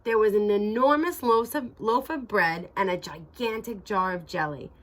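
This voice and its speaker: A woman reading a children's picture book aloud, expressive and dramatic. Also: mid-range voice, normal speed. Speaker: storyteller. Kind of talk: children's read-aloud narration.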